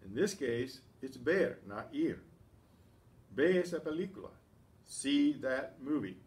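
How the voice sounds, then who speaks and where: A male Spanish teacher at a slow, patient pace, reading out examples and explaining them one by one. He often pauses to clear his throat. His voice sounds distant, as if the mic is set some way off. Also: mid-range voice, very animated, a little mellow. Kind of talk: language lesson. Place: classroom or community center room.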